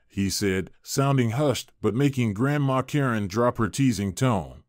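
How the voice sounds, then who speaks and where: A man narrating a fairy-tale story in a measured, expressive way. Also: medium pitch, no room sound, clean studio sound.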